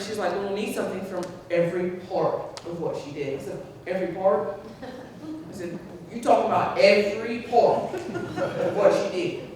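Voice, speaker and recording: A woman's voice: medium pitch, darkish tone, slight background noise. A woman speaking at a memorial tribute, telling personal stories to a gathering, acting out the voices she quotes and laughing often. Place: large hall at a community gathering. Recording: echoey hall from far off.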